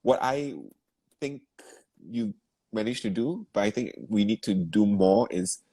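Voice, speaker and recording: A man's voice: fairly low pitch, a little slow, dark tone, husky, no echo. A man giving feedback as a vocal coach in an online masterclass, asking probing questions and encouraging with easy laughs. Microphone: video call.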